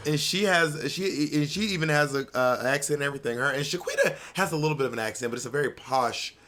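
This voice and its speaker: A man's voice: fairly high pitch, quick pace, sharp tone. A man co-hosting a podcast, talking in teasing, emphatic, sassy casual chat. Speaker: podcast co-host.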